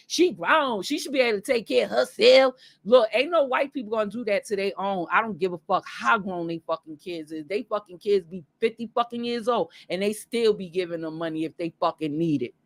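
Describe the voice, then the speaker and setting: A woman's voice: on the high side, no room sound. Fiery, swearing woman in her late thirties. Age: late 30s. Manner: loud, swearing, repetitive, emphatic. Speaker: vlogger. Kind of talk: heated profane rant to camera.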